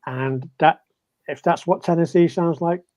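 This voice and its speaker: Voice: medium pitch, measured pace, darkish tone, no room sound. A speaker in a casual group chat who jokes, laughs often and reads out comments from the chat.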